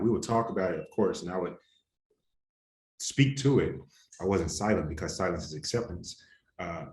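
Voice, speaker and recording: Deep-voiced man, earnest and heated. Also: darkish tone. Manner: earnest, heated, casual slang. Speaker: interview guest. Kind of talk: candid interview answers. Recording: roomy echo, faint ambience.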